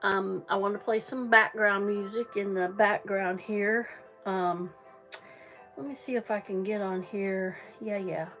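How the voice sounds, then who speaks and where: A middle-aged woman talks to her livestream viewers in an unhurried, rambling way, full of ums and false starts. She sounds a touch out of breath, and soft music plays faintly behind her in a small home. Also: medium pitch, steady tone. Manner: rambling, chatty, many ums and restarts. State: slightly out of breath. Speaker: livestream crafter. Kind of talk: casual livestream chat.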